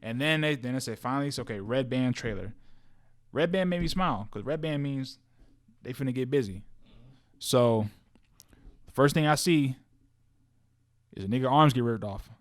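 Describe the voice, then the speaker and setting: A man co-hosting a podcast in casual chat about movies and shows, animated and slangy, repeating words and restarting his sentences often. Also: mid-range voice, moderate pace, pauses often. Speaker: podcast co-host.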